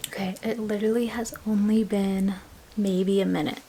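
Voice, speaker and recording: A young adult woman sharing a casual personal vlog in a soft voice that often drops to a half-whisper, with small laughs along the way. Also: mid-range voice, fairly even intonation, moderate pace, a little hiss or hum, rough recording. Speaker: vlogger.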